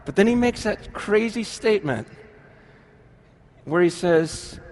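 A man in his forties preaching a sermon to a live congregation, animated and quick to act out the people he quotes, swinging between urgent and hushed. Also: sits high, slight background noise. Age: 40s. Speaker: pastor.

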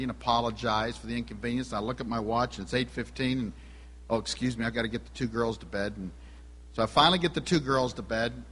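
A man's voice: medium pitch, a bit bright. Man preaching in an echoing hall. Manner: asks the audience questions. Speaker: pastor. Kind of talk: sermon with a personal story. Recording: long hall reverb.

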